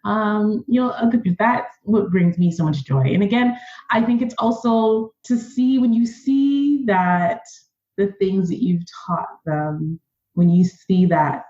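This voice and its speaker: A woman being interviewed on a podcast who talks in an earnest, animated, conversational way. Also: mid-range voice, slow pace, echoey room, lo-fi sound. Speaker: podcast guest.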